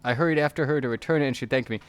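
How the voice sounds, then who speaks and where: A man reading a text adventure game aloud as a let's player, going quickly and often stumbling over words. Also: mid-range voice, smooth. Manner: reads quickly with frequent stumbles.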